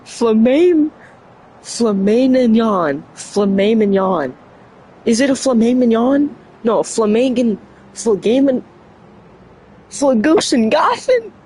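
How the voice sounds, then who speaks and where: A young adult streamer chats casually on a livestream, tripping over words, poking fun at themself, and laughing often between lines. The voice is mid-range and a little mellow, with slight hiss or hum in the recording.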